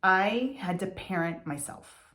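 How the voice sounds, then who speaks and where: A woman's voice: mid-range voice, animated, slow pace, sharp tone. A woman in her forties talking through a hard moment with her teenager, thoughtful and self-observing, with the odd sigh. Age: 40s. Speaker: vlogger. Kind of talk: reflective personal monologue.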